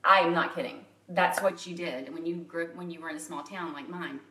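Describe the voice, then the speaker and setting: A woman's voice: on the low side, fairly even intonation, brisk, sharp tone, recorded from a distance, a little hiss or hum. Chatty woman in her forties, roomy sound. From Louisiana, USA. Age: 40s. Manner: chatty, open and personal, laughs at herself. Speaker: makeup artist and direct sales consultant. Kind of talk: candid live video chat to a private group.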